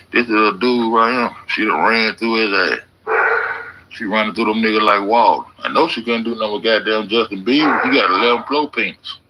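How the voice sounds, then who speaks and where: A man's voice: on the low side, vocal fry, noisy background. A middle-aged man giving rambling, joking, heavily profane reaction commentary on videos. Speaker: YouTube commentator.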